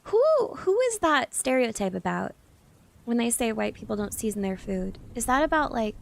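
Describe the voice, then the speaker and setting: A woman's voice: a little high, sing-song, normal speed, vocal fry. A young woman from the South, chatting casually with her live-stream chat as a VTuber and reading out messages as she answers them. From Southern United States.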